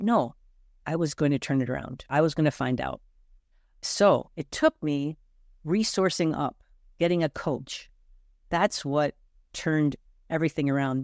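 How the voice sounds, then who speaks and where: A middle-aged woman hosting a podcast, telling a personal story in an earnest, animated way, often checking in with "right?". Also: lowish voice, no echo, studio quality. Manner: earnest and animated, frequent "right?" and quoted self-talk. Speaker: podcast host.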